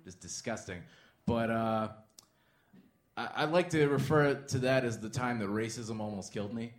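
A man doing a stand-up set, swinging from muttered asides to loud bursts. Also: medium pitch, moderate pace, roomy sound. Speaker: stand-up comedian.

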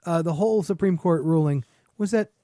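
A man co-hosting a talk show, calmly pushing back and steering the discussion. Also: on the high side, no echo, clean studio sound. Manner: measured, pushes back calmly. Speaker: podcast co-host. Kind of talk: casual discussion.

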